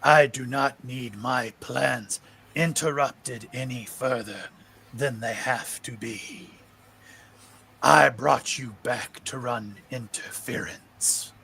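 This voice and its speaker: A man voicing a sinister otherworldly male being who gives cold, commanding orders in a slow, low, partly whispered delivery. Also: vocal fry, bright, forceful tone, slight background noise, full character voice. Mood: menacing.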